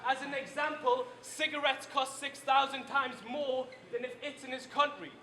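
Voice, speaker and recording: A man's voice: very high voice, steady tone, moderate pace. A man delivering a live battle rap with taunting insults at an event venue. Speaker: battle rapper. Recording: echoey room, loud crowd noise.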